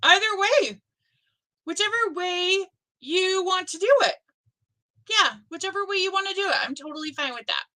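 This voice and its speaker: A middle-aged woman hosts a live craft stream, chatting in a loose, rambling way and poking fun at herself. Her voice sits a little high and sounds bright and forward. She talks at an unhurried, slow pace. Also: poor audio. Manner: chatty, rambling, self-deprecating. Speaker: host of a live stitching stream. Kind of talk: casual live chat.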